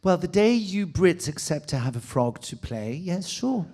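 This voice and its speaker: A man from France with a French accent, a native French speaker and actor, answering audience questions in a playful, expressive way. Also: sits high, unhurried. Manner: playful, expressive, laughs often. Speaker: guest author and actor. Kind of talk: audience Q&A conversation.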